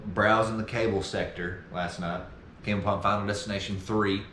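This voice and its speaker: A man's voice: fairly low pitch, steady tone, normal speed, reverberant, crowd noise. A young man co-hosting a podcast, telling rambling stories and casually chatting with his friend. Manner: rambling storyteller, acts out quotes loudly. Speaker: podcast co-host. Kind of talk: casual chat.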